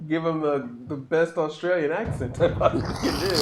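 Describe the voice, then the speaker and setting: High-voiced playful player guy. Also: normal speed, echoey room, very noisy. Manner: playful, laughing banter. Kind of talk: casual tabletop play.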